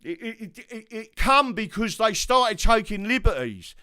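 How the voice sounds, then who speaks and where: A man hosting a call-in talk show. His pitch rises and falls a lot, and his tone is bright and forceful. He often stammers and restarts his sentences. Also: big pitch swings, unhurried.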